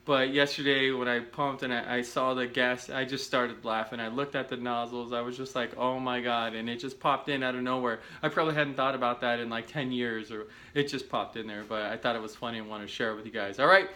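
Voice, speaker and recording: Male vlogger with a bright, forward tone, telling a rambling, self-mocking story straight to camera. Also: mid-range voice, brisk, few pauses. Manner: animated, self-deprecating, rambling with restarts.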